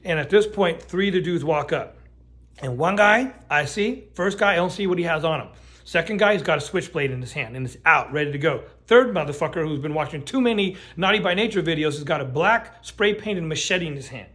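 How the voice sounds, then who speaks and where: Brief: middle-aged guy, slightly high voice, rambling storytime full of swearing and false starts. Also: brisk. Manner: animated, profane, lots of restarts and fillers. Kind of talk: casual true-crime storytime.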